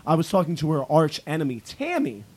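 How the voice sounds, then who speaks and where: Late-20s man, high voice, profane rowdy storyteller, casual friend chat. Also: huge pitch swings, brisk, darkish tone, breathy edge.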